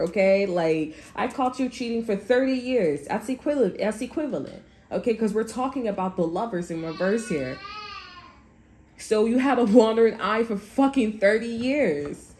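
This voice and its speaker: A woman's voice: on the high side, animated, normal speed, darkish tone. A woman giving a casual tarot reading to her viewers, talking bluntly and swearing often, and checking in with "okay?" again and again. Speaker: tarot reader.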